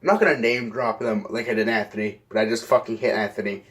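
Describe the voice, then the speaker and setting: A man's voice: fairly low pitch, fairly even intonation, fast talker, a bit bright. A young man casually telling a rambling story, swearing often and correcting himself mid-sentence. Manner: profane, rambling, self-correcting.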